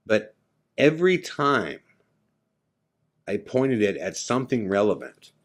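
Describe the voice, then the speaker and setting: A middle-aged man hosting a podcast, telling a personal story in a loose, conversational way full of fillers. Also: lowish voice. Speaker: podcast host. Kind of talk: casual storytelling of a personal ghost experience.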